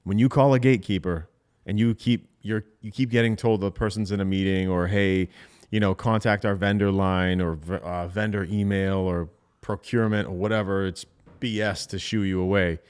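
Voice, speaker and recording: Man, low-pitched, podcast co-host, casual chat, emphatic, demonstrative. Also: fairly even intonation, moderate pace, darkish tone, clear, resonant tone. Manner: emphatic, acts out sample sales calls.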